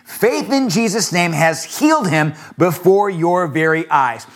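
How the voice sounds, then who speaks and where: A male pastor with a high-pitched voice delivers a sermon. He swings from fervent, emphatic peaks back into easy, conversational storytelling. The energy keeps climbing toward each key point. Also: lively intonation, a little slow.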